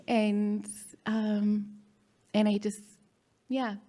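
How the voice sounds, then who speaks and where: A woman telling a personal story on stage in a hall before a live audience. She speaks haltingly, with pauses and nervous laughs. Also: mid-range voice, little pitch movement, warm tone.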